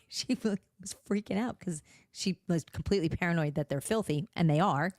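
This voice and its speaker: A middle-aged woman co-hosting a casual podcast, animated and expressive as she tells stories. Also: on the low side, brisk, few pauses, dry recording, clean studio sound. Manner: animated, expressive, laughs often. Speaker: podcast co-host. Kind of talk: casual chat.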